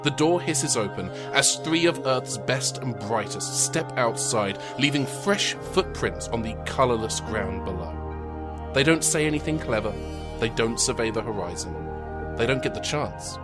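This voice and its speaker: A man's voice: mid-range voice, animated, moderate pace. Wry male game master over music. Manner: dry, wry narration with fillers. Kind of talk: narrating a tabletop game. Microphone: remote home mic.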